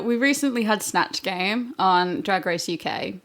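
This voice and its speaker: A woman co-hosting a relaxed podcast, her voice sitting at an ordinary middle pitch. She tells gossipy stories and breaks into giggles often. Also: a little slow. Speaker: podcast co-host. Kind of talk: casual podcast chat.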